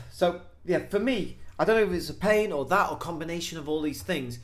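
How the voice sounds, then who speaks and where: A young man from Wales, co-hosting a casual podcast chat and telling animated stories. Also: fairly high pitch, fairly quick. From North Wales. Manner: animated storyteller, says "mate" and "man" often. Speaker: podcast co-host.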